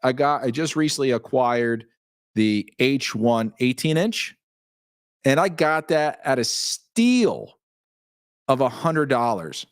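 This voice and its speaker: A man's voice: mid-range voice, animated, slow, clean tone, dry recording, clean studio sound. A man in his forties hosting a casual live stream, laughing often as he reads viewer comments aloud. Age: 40s. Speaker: show host.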